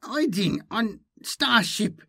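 A man's voice: high-pitched, lively intonation, slow pace, gravelly, sharp tone, breathy edge, pitched above the performer's own voice, full character voice. A man voicing a female assassin disguised as an alien hybrid, with a hissing, inhuman voice and clipped, broken phrasing. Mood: hissing, wary.

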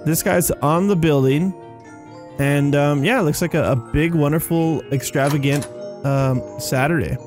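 A young man giving casual, rambling commentary on his game, excitable and tired, with faint music behind him. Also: fairly high pitch, a little slow. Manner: excitable, rambling, says "dude" and "you guys". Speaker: gaming YouTuber.

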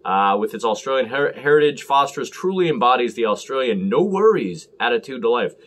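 A man's voice: medium pitch, very animated, a little fast. A man hosting a casual beer review vlog, rambling and joking with frequent restarts. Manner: rambling, jokey, fumbles and restarts often. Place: Los Angeles area.

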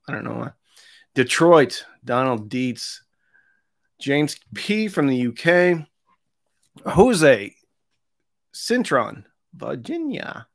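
A man's voice: medium pitch, creaky, a bit bright. A man hosting a live stream, chatting casually and reading out where his viewers are from, with jokey asides. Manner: chatty, jokey asides between roll calls. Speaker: host of an audio review channel.

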